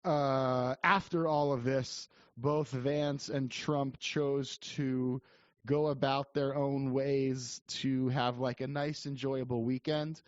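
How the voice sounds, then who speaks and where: A man's voice: mid-range voice, flat delivery, slow, no echo. A man co-hosting a podcast, chatting casually about politics with many restarts and fillers. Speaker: podcast co-host. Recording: dry, dull lo-fi sound.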